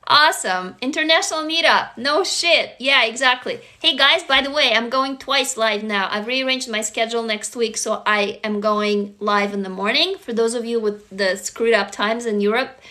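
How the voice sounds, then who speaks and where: A woman from Russia, hosting a casual livestream chat, gushing and excitable, swearing freely. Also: fairly high pitch, moderate pace, hardly any pauses. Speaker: livestream host.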